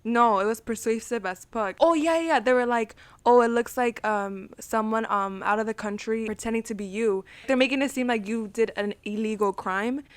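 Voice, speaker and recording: A woman's voice: on the high side, normal speed, hardly any pauses, clean tone, dry recording. Young woman, casual podcast co-host, swears freely, dry close recording. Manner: casual, swears, repeats "like" and "blah, blah". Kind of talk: casual storytelling.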